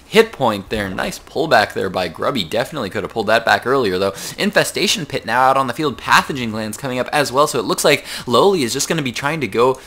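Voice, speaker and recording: A young man doing solo play-by-play commentary on a video game match, talking fast with many fillers and a rough morning voice. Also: medium pitch, lively intonation, fairly bright tone. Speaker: esports caster.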